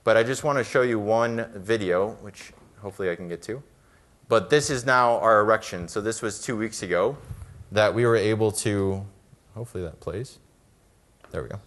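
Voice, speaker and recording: A middle-aged American man giving a conference talk over slides, conversational and brisk, with fillers and quick asides. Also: on the low side, a bit bright. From United States. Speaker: conference speaker.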